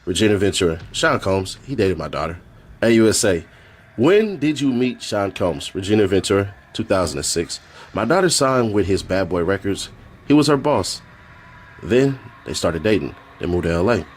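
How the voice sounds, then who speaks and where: A man's voice: fairly low pitch, moderate pace, a little hiss or hum. A man streaming, reading a court transcript aloud in a casual way and breaking off for joking asides. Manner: reads flatly, then breaks off for joking asides and laughs.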